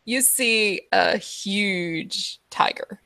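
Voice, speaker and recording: A woman's voice: mid-range voice, very slow, gravelly, sharp tone, no echo. A woman narrating a tabletop game as game master, descriptive and loose, with many "like"s. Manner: descriptive, full of "like" and chuckles.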